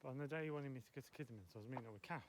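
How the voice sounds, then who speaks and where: An out-of-breath man rambles on while climbing a hill outdoors, cutting himself off mid-thought. His voice sits at an ordinary middle pitch. Clear wind and outdoor noise run under his phone recording. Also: very fast. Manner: chatty, rambling, self-interrupting. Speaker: vlogger. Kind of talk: rambling personal chat.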